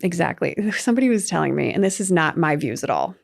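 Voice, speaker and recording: A young adult woman co-hosting a sports podcast, telling stories in a chatty, animated way with lots of fillers. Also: fairly low pitch, fast talker, gravelly. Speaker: podcast co-host. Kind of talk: casual sports chat.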